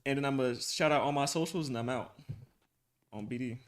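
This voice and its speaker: A young man streaming live, chatting casually with his viewers in animated slang and laughing often. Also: mid-range voice, a little fast. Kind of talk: casual livestream chat with viewers.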